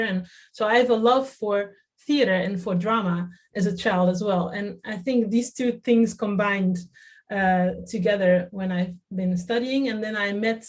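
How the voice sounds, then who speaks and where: A woman from the Netherlands in her thirties, talking in an interview about her work in theater, with lots of fillers and restarts. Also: mid-range voice. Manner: hesitant, many fillers and restarts. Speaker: festival artistic director. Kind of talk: interview, reflective talk.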